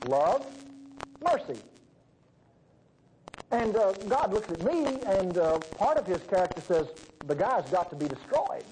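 A man's voice: high-pitched, slight background noise, poor audio. A man preaching a sermon, acting out voices in his stories. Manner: folksy, animated, acts out voices in stories.

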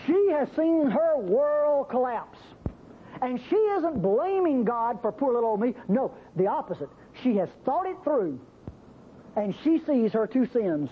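A man preaching a sermon, acting out the biblical speakers with sudden jumps in pitch. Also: big pitch swings, a little slow. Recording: muffled, faintly noisy old recording.

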